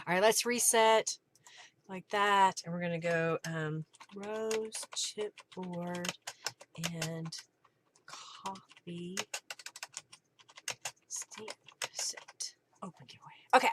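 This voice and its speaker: Woman host, unhurried craft-demo chatter, greets chat by name. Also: medium pitch, a bit bright, no room sound. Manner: chatty, greets viewers by name, narrates each step.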